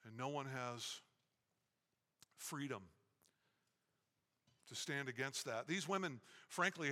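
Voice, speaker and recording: A man preaching a sermon emphatically, acting out quoted lines and pausing for effect. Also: a little high, sharp tone. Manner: emphatic preaching with dramatic pauses. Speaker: pastor. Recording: echoey hall.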